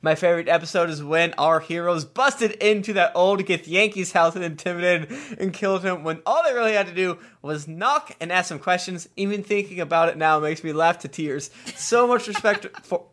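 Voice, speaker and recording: A man's voice: on the high side, moderate pace, few pauses, a bit bright. A man co-hosting a podcast, reading listener reviews aloud with jokey asides and stumbles. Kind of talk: casual chat.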